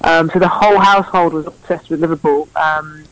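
A woman's voice: low-pitched, fairly even intonation, fairly quick, no room sound, low-quality recording. A woman, a former cricketer, chatting as an interview guest in a chatty way. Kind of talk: casual interview chat.

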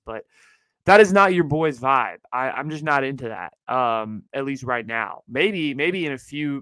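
A young man runs his own show in a chatty, slangy, upbeat way. His voice is smooth and resonant at a middle pitch. The sound is dry and close, recorded indoors at home. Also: bright, forceful tone, no echo, poor audio. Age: young adult. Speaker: podcast host. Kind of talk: casual chat. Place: indoors at his parents' house.

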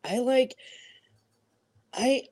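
A podcast co-host talking over a remote call, rambling in quick bursts with lots of fillers and laughter. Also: mid-range voice, a little mellow. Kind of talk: casual chat.

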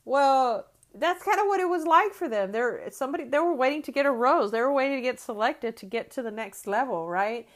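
A woman's voice: high voice, animated, fairly quick, hardly any pauses. Chatty woman teaching on a faith podcast. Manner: conversational, frequent "right?" and restarts. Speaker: podcast host.

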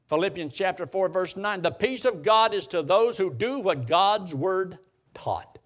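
A man preaching a sermon in a fairly high voice that swings up and down with lively emphasis. He quotes scripture in old-style wording and repeats phrases to drive a point home. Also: measured pace.

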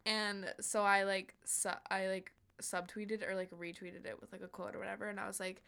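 A woman's voice: medium pitch, little pitch movement, moderate pace, gravelly, hardly any pauses, fairly bright tone. A young woman co-hosting a podcast, chatting casually and telling a story full of fillers. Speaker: podcast co-host. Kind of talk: casual chat.

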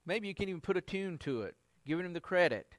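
Higher-voiced male pastor teaching. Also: animated, fast talker, dry recording. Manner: conversational, acts out quotes with shifting inflection. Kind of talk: sermon, Bible study teaching.

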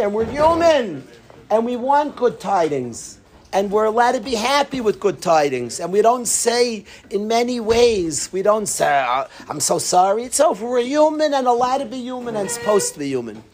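A man giving a lively Torah talk, telling a story and mixing in Yiddish and Hebrew words. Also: extremely high pitch.

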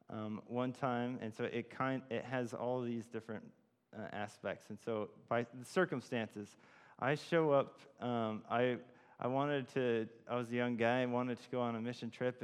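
A man with a smooth, medium-pitched voice gives an informal sermon as a church speaker, telling a personal story full of fillers and restarts. Long hall reverb colors the recording.

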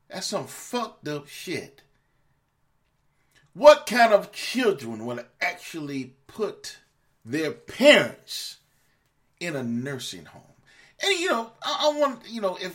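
A podcast host delivers an angry, profane monologue rant, scolding his listeners and repeating words as he works himself up. His voice sits on the high side and is a bit bright.

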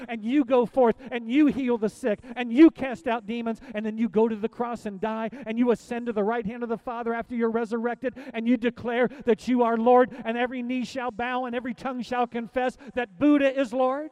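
A middle-aged man preaching as a pastor, swinging between soft pleading and loud emphatic exhortation with many repeated phrases. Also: extremely high pitch, fairly even intonation, brisk, hardly any pauses, clear, resonant tone, no room sound. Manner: preaching with rising and falling intensity, repetitive exhortations. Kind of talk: sermon.

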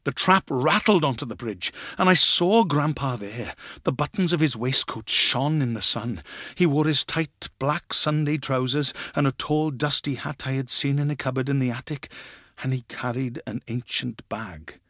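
A man gives an expressive dramatic reading of a story, acting out the voices. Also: mid-range voice, moderate pace, dry recording, studio quality. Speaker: reader.

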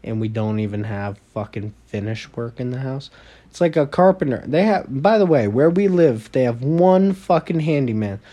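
A man's voice: medium pitch, lively intonation, moderate pace, warm tone, lo-fi sound. A young man co-hosting a podcast, chatting casually and joking with lots of swearing and bro slang. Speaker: podcast co-host. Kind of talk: casual chat.

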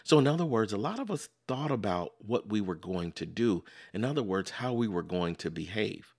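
A man with a low, gravelly voice delivers a motivational self-help monologue on his podcast. His pitch swings lively up and down as he talks casually, peppering it with "you know" and "so in other words.". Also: moderate pace. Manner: acts out everyday quotes in lively voices. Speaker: podcast host.

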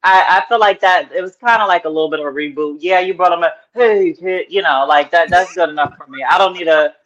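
A woman guest in casual chat, telling stories in an animated way and acting out the people she quotes. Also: on the low side, fast talker, dull audio.

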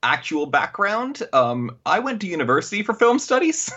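A man's voice: high-pitched, sing-song, normal speed, sharp tone, muffled recording. A man with a Canadian accent, a guest in a casual podcast chat, easygoing and wry.

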